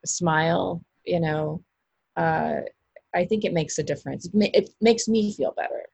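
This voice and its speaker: A woman's voice: on the low side, moderate pace, vocal fry, a little mellow, breathy edge, dry recording. A woman, an actress, talking casually in an interview, rambling with many fillers and restarts. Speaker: actress guest.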